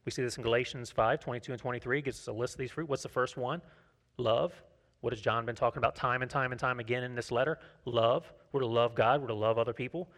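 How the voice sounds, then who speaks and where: A pastor with a steady, slightly bright medium-pitched voice preaches fast in a conversational style, often putting questions to the congregation. He shares personal anecdotes and acts out the dialogue in them.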